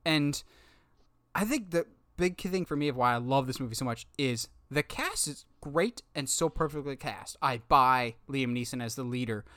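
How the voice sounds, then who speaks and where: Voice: mid-range voice, animated, normal speed, a bit bright, no echo. A co-host in a casual movie chat, opinionated and playful, speaking with emphasis. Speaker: podcast co-host.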